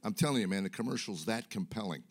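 A middle-aged comedian works a live audience from the stage, his self-mocking stories wandering along with plenty of fillers. His fairly low voice is fast and lively in intonation, with a breathy edge.

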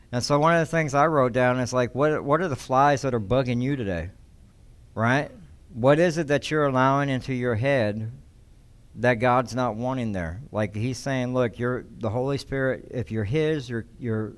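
A male pastor giving a sermon, reading scripture aloud and then explaining it in a conversational, halting way with frequent restarts. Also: mid-range voice, smooth. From United States.

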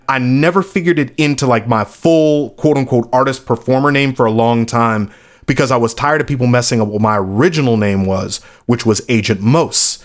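A man's voice: mid-range voice, a little fast. A man, a battle rapper from the Chicago area, telling stories in a loose, casual interview and acting out quoted voices.

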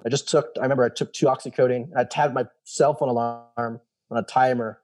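A man in his thirties tells his story in a casual interview. His voice is mellow and warm, and he acts out the people he quotes. He swears casually as he talks. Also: medium pitch, fairly even intonation, brisk. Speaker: guest, former special operations soldier.

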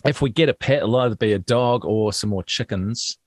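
A man's voice: on the low side, brisk, dry recording, clean studio sound. A middle-aged man with a New Zealand accent, co-hosting a podcast and trading jokes in casual chat. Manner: jokey, laughs often. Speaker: podcast co-host.

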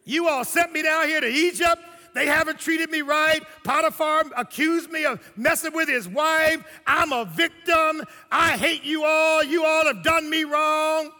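A man's voice: very high-pitched, wildly swooping pitch, moderate pace, creaky, few pauses, breathy edge, long reverb tail, full character voice. A man doing a bitter young man ranting at his brothers. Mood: resentful. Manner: loud, accusing rant.

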